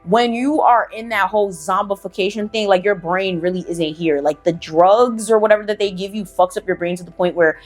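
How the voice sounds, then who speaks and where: A young woman hosting a casual storytime vlog, telling it in an animated, chatty way and swearing freely. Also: mid-range voice, brisk, hardly any pauses, faint music behind. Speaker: storyteller host.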